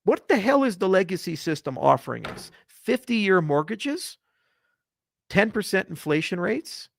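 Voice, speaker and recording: A man giving an unscripted, passionate and blunt monologue to camera, profane and swinging from quiet to loud. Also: sits high, sing-song, measured pace, vocal fry, dry recording, studio quality. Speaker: crypto industry founder. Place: Colorado.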